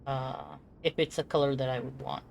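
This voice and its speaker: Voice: mid-range voice, little pitch movement, moderate pace, creaky, a little mellow, a little hiss or hum. Chatty streamer playing a game. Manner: chatty, joking asides. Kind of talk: casual gameplay commentary.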